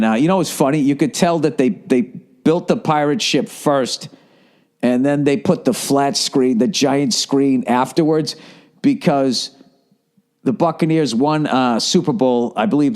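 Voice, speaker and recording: A man's voice: medium pitch, a little mellow. A man hosting a solo podcast, ranting in a profane, fired-up way with sarcastic asides, from the Boston area. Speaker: podcast host.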